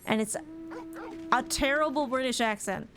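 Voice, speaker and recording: A woman's voice: high voice, normal speed, fairly bright tone, faint music behind. A woman streamer giving chatty, playful commentary as she plays a video game. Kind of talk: let's play commentary.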